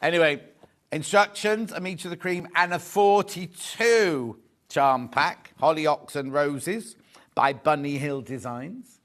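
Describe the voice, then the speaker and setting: Male shopping-channel host, light higher voice, jokey and chatty, corrects himself as he goes. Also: unhurried, a bit bright. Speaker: shopping TV presenter. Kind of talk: live selling chat, reading viewer messages. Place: TV studio.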